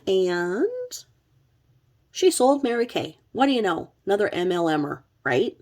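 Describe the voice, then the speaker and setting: A woman's voice: medium pitch, sing-song, a little slow, a little mellow. A middle-aged woman telling a true crime story in a chatty, sarcastic vlog style with blunt asides. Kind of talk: casual vlog narration.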